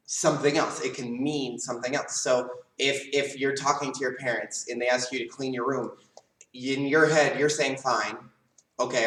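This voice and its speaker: Calm karate instructor, roomy and distant. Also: male voice, medium pitch. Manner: calm, earnest, talks straight to kids. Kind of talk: live online leadership class. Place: karate school. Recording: roomy, mic set back.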